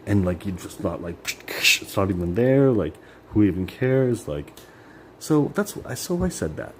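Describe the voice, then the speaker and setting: A man's voice: fairly low pitch, big pitch swings, moderate pace, a little hiss or hum. A man venting in a personal monologue, rambling and bitter, swearing and filling his talk with "like". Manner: rambling, profane, many "like" fillers; emotional, bitter. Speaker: vlogger.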